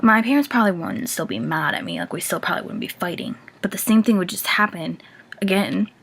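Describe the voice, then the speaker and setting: A woman's voice: on the low side, big pitch swings, a little fast, gravelly, a bit bright, slightly rough. A young woman talking casually to the camera, confessing her feelings with many filler words and now and then dropping to a whisper. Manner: chatty, many "like" fillers, drops to a whisper at times. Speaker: vlogger.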